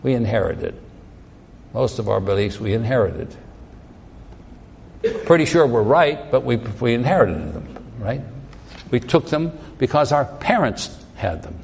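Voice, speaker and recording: A man's voice: mid-range voice, sing-song, measured pace, gravelly, pauses often, in a large hall, a little hiss or hum. A man preaching a sermon, pressing his point with emphatic rhetorical questions. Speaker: pastor.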